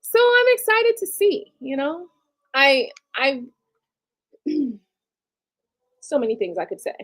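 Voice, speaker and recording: A woman's voice: high-pitched, sing-song, slow, a bit bright. A woman in her late thirties hosting a casual live stream, talking bluntly and candidly with casual swearing. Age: late 30s. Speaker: livestream host.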